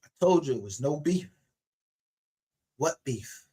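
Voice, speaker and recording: A man's voice: a little high, animated, takes it slowly, mellow, slightly rough. A man ranting aggressively on a livestream, confrontational and full of profanity. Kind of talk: angry livestream rant.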